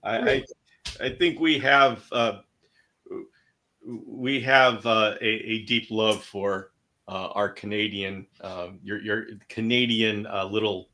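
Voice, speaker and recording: A man from California hosting a casual video chat, speaking in a halting way with many hesitations. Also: fairly low pitch, steady tone, pushed and bright. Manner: halting, lots of hesitations and restarts. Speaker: host.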